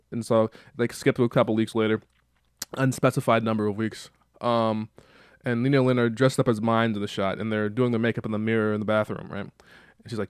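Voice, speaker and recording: A man's voice: on the low side, level tone, brisk, clear, resonant tone, no echo, studio quality. A man casually talking through a cartoon script in a rambling way, full of fillers. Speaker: show creator reading a script.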